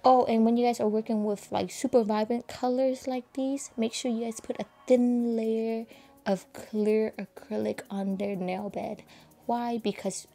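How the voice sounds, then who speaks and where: A woman giving a chatty nail-art tutorial voice-over, talking casually to viewers and keeping her voice hushed at times. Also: medium pitch. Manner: soft, hushed and breathy at times, keeping quiet for a sleeping child; chatty and informal, addressing viewers as "guys". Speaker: nail educator.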